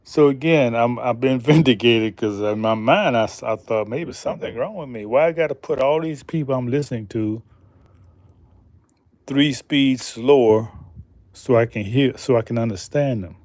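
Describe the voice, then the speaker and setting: A man hosting a slow, deliberate commentary monologue, emphatic and pausing often, asking pointed rhetorical questions. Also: mid-range voice, darkish tone, dry recording. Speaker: channel host.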